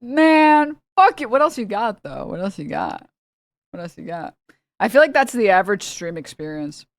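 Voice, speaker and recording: A woman's voice: mid-range voice, very animated, normal speed, no echo. Rambling profane streamer woman, dry mic. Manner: rambling, profane, laughing often. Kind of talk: casual reaction commentary.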